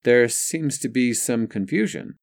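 A man's voice: medium pitch, animated, unhurried, no echo, clean studio sound, pitched above the performer's own voice. A man voicing a prim, sugary, clueless woman receptionist in an audiobook story. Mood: saccharine. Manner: saccharine, clipped.

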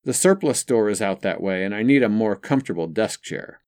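A man's voice: lowish voice, animated, brisk, a little mellow, no room sound, clean studio sound. An audiobook narrator, a man, voicing an earnest young woman student in a story, asking eager questions.

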